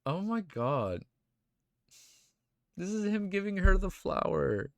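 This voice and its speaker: A young man streaming, reacting emotionally and excitedly to fan art in casual chat, swearing often and calling viewers dude and bro. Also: sits high, takes it slowly, vocal fry, dry recording, clean studio sound.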